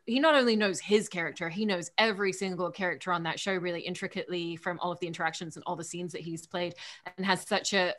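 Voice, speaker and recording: A woman moderates the interview and asks long, winding questions. Her voice sits slightly low. Faint noise runs under her video call audio. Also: a bit bright.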